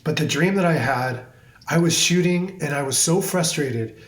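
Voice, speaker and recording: A man's voice: on the high side, expressive, moderate pace. A man, a hairstylist guest on a podcast, talking in an intense, emphatic way and swearing freely. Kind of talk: podcast conversation. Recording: roomy echo.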